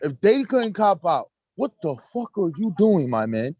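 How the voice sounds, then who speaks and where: A man hosting a live stream, talking in animated, profane street slang and acting out courtroom exchanges. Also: high-pitched, a little slow, dry recording, muffled recording. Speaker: host. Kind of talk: casual live-stream chat.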